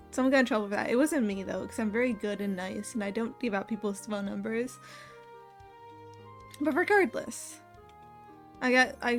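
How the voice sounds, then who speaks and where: A young woman streamer chatting casually, telling a work story with frequent laughs and lively impressions of the people in it. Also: fairly high pitch. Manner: laughs often while telling a story, animated quoting of others. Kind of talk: casual chat.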